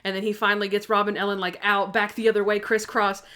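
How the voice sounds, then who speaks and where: A woman's voice: mid-range voice, quick pace, clean tone. A woman co-hosting a casual podcast, eagerly retelling TV episodes and acting out the characters' lines. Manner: animated storyteller, acting out quoted lines with laughs. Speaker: podcast co-host. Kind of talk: casual chat, retelling TV scenes.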